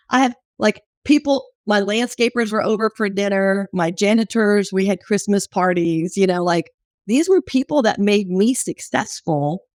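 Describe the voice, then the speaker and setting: A woman's voice: medium pitch, measured pace, dry recording. Woman from new orleans, middle-aged, open storyteller, dry close sound. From New Orleans, USA. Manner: open and chatty, storytelling with fillers. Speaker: business owner guest. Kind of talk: candid conversational interview.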